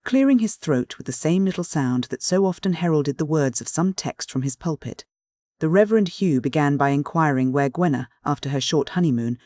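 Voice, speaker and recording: An audiobook reader narrating a classic novel in a measured, even manner. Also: mid-range voice, no room sound, clean studio sound.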